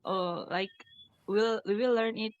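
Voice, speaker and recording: A woman's voice: mid-range voice, fairly even intonation, measured pace. Hesitant woman student, lo-fi audio. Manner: hesitant, many fillers. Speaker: student in an online speaking class. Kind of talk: giving an opinion in class.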